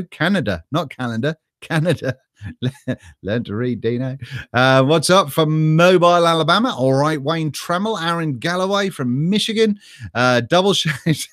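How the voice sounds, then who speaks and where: A man's voice: fairly high pitch, a bit bright, no room sound, clean studio sound. Chatty man on a live stream. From Norfolk, England. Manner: chatty, rambling, laughs and swears casually. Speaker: vlog host reading live chat. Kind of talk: casual live-stream chat.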